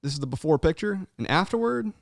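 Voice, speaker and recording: A young man hosts a casual podcast, his fairly high voice swinging all over the place as he talks. He swears freely and tags "man" onto his sentences. The sound is dry, with no room around it. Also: quick pace, gravelly, no echo. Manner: animated, swears freely, says "man" a lot. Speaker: podcast host. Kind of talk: casual chat.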